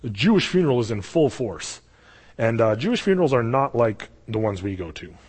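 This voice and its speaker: Husky-voiced male preacher in a reverberant hall. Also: mid-range voice, a little fast. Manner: animated storytelling, acts out quoted voices. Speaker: pastor. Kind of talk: sermon. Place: church sanctuary.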